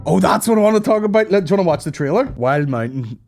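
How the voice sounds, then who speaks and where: A man with a high, lively voice hosts a podcast in loose, casual banter. He jokes crudely and swears freely, and his pitch jumps around as he tells stories. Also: fast talker, gravelly, faint music behind. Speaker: podcast host.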